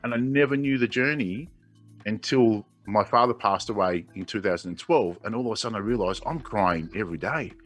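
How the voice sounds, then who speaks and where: Soft background music plays under this fairly low, slightly bright voice of an Australian man in his forties talking briskly. Appearing as an interview guest, he shares his personal story candidly with earnest emotion and frequent sentence restarts.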